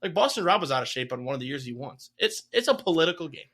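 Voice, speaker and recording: Young male co-host, bright tone, animated casual storyteller who swears freely. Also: a little high, racing. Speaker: podcast co-host. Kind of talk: casual chat.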